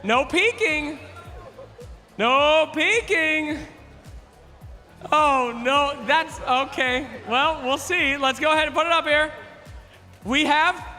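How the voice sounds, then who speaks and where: A man with a very high, piercingly bright voice hosts a quiz on a live arena stage. He is loud and playful, teasing the contestants and shouting out to the crowd. The sound carries the long echo of a large hall. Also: a little slow. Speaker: quiz host at a live esports event. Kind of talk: energetic stage hosting to a crowd. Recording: echoey arena hall with music.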